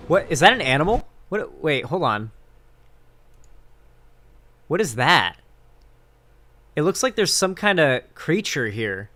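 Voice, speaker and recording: A young man doing casual reaction commentary, excitable and crude, with quick joking asides. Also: a little high. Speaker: commentary streamer reacting to a video.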